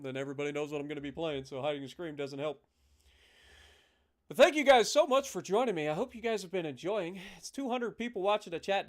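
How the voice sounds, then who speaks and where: A man streaming live gameplay, commenting casually and breaking into loud, profane rants. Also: on the high side. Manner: profane, swings into loud ranting. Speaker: gaming livestreamer.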